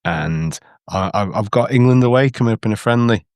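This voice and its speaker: A man's voice: on the low side, a little fast, a little mellow, no echo, studio quality. A man co-hosting a casual football podcast, rambling and hesitant with many restarts. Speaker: podcast co-host. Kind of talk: casual chat.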